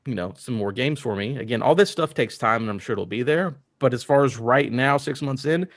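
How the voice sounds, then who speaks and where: A man's voice: medium pitch, a little fast, no echo, clean studio sound. A man co-hosting a gaming podcast, rambling enthusiastically while a bit drunk. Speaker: podcast co-host. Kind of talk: casual chat.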